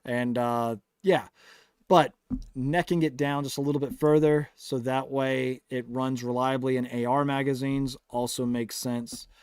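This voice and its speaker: A man's voice: medium pitch, measured pace, clean tone, no room sound, clean studio sound. A man hosting a casual livestream, chatting, joking and reading out viewer comments. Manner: relaxed, joking, sarcastic asides. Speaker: livestream host.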